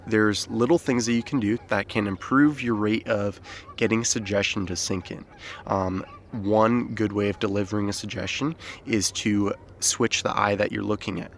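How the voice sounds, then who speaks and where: A lower-voiced man explains techniques in an easygoing, off-the-cuff way, pausing often on "um" and "uh" and restarting his sentences. He is outdoors in nature, recorded on a handheld phone, with faint outdoor ambience behind him. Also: a little hiss or hum. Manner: relaxed, many fillers and restarts. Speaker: self-help teacher. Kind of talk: unscripted outdoor explainer video. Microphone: phone held by the speaker.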